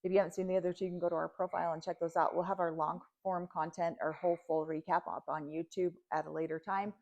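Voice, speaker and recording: A woman co-hosting a podcast, reacting to a reality show with animated, indignant, exasperated commentary. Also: on the low side, fast, vocal fry, highs cut off. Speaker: podcast co-host.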